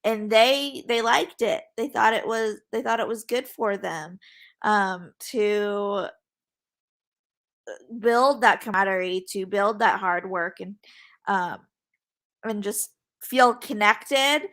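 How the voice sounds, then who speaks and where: A young woman reporter, a guest on a podcast, answering questions in a halting way with many fillers and restarts. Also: medium pitch, a bit bright. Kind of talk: podcast interview.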